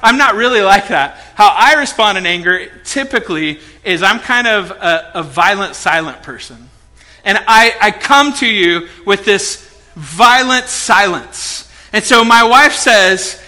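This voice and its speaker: Male pastor preaching to a congregation, animated storyteller, raises pitch high and voice very bright and cutting. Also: a little slow. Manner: animated storytelling, acts out quotes, swings loud and soft. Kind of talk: sermon. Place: church hall before a congregation.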